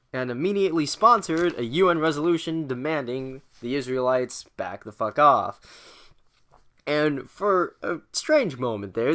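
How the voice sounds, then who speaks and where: Bright and forceful, this young man's medium-pitched voice runs through a casual, profanity-laced summary of history chapters. He acts out quotes in silly voices, hesitating often with fillers and false starts.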